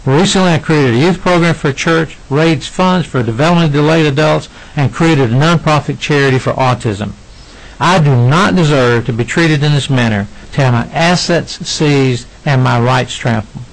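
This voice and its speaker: A middle-aged man reading prepared testimony to a legislative committee, earnest and emotional, with halting restarts. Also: on the high side, rough recording. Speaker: citizen witness at a legislative hearing.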